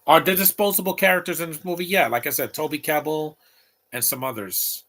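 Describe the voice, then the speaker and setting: A man's voice: fairly high pitch, steady tone, fairly quick, a bit bright. A man in his late thirties giving opinionated, rambling live commentary over a movie, talking back at the screen. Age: late 30s.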